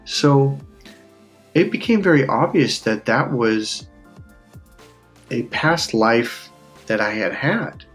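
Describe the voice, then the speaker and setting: A man talks in a rambling, heartfelt way, stopping to laugh and catch himself as he fights back tears. His voice sits at an ordinary middle pitch, and soft music plays faintly underneath. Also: animated, takes it slowly, long pauses. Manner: rambling, emotional, with frequent restarts and laughs. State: on the verge of tears. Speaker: life coach. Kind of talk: casual personal monologue.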